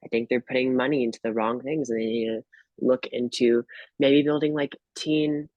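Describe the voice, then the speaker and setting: A young male tarot reader chatting in a loose, unpolished way, often pausing and restarting his sentences. The recording is dry and close, with no room sound. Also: medium pitch, steady tone, a little mellow, dry recording, highs cut off. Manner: hesitant, restarts, lots of "like" and "um". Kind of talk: casual chat.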